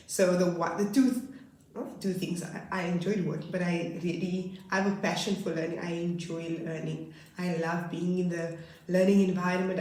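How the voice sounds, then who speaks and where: A woman's voice: on the low side, a little mellow. A woman in her twenties tells a personal story in a casual, rambling way, often correcting herself mid-sentence. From South Africa. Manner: rambling, self-correcting, earnest. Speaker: vlogger. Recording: very echoey room.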